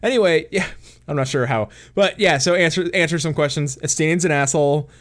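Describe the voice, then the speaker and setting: A man streaming and chatting casually about a game, animated, laughing often and swearing casually. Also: on the high side, brisk. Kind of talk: casual gaming chat.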